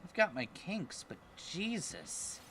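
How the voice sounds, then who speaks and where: Man, streamer, casual let's-play commentary, crude jokes, mock-disgusted squeals, lively pitch. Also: slow pace, faint music behind.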